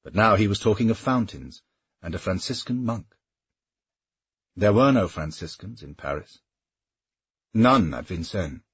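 A man narrating a historical novel in a steady, measured audiobook reading. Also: on the low side, husky, dry recording, lo-fi sound.

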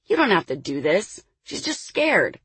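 Woman voicing a gentle, soft-spoken man. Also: on the low side, measured pace, breathy edge, no room sound, heavily acted. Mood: pleading. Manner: calm, soft-spoken pleading. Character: gentle, uneasy man protecting a girl.

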